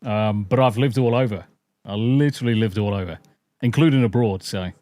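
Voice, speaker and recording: English man, mixed regional accent, relaxed podcast chatter with casual swearing, dry close sound. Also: fairly low pitch, a little fast, dry recording. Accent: mixed English, part Southern, Northern, Midlands and Essex. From English Midlands. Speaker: podcast host.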